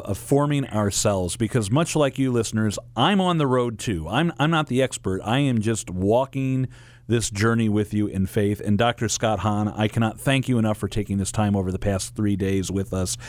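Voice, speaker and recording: Low-voiced male radio host. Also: darkish tone, no echo. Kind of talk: radio show hosting. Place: radio studio.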